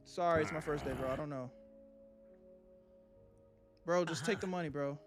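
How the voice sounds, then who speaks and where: A man's voice: a little high, fairly quick, music in the background. A young man streaming a game live, swearing and talking nervously to his chat as he plays. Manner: jittery, swearing, talks to chat. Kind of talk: live gameplay commentary.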